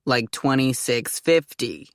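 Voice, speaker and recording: A woman's voice: rumbling low, slow pace, dry recording, studio quality. A woman voicing a blunt, impatient female postal clerk in an audiobook, curt and dismissive.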